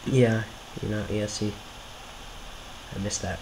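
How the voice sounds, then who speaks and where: A man's voice: lowish voice, fairly even intonation, slow pace, noisy background. Rambling man commenting on his videos. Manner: rambling, self-deprecating, apologetic. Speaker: video creator commenting on his own series. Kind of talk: casual commentary over his own videos.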